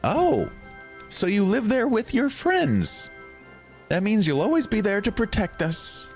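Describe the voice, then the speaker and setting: A man voicing an eager little girl in a game, pleading in a high, drawn-out voice. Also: very animated, soft background music, exaggerated voice. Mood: hopeful.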